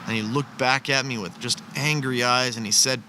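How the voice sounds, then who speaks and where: Sitting outdoors beside a campfire, a man shares a personal testimony as casual spoken storytelling, earnest and conversational, with frequent restarts. His mid-range voice sounds pushed and bright, moving at a moderate pace with few pauses.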